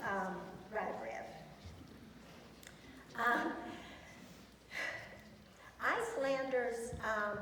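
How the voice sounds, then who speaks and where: A woman's voice: fairly high pitch, a bit bright, recorded from a distance, a little hiss or hum. Chatty woman teacher in echoey hall. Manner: chatty, many ums, enthusiastic. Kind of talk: presentation to students. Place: large echoey school hall.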